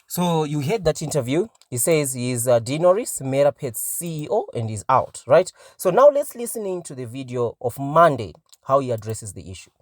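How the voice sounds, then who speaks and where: A man's voice: medium pitch, very animated, normal speed, few pauses, dry recording, studio quality. A man commenting on crypto investing in a casual vlog, talking emphatically and ending many phrases with "right?". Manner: emphatic, peppers talk with "right?".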